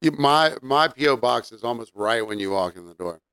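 A man co-hosting a podcast in laid-back casual chat, who laughs often and now and then clears his throat. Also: medium pitch, lively intonation, normal speed, sharp tone, no echo, clean studio sound. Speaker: podcast co-host.

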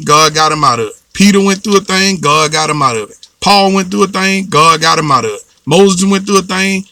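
A man's voice: on the high side, sharp tone, dry recording. A man preaching a fervent sermon, urging the congregation with repeated calls and responses. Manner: fervent, repetitive exhortation with call-and-response.

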